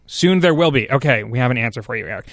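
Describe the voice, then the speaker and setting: A male podcast host reading out listener questions in a casual chat, brisk and keeping things moving. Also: medium pitch, lively intonation, fairly bright tone, no echo, clean studio sound.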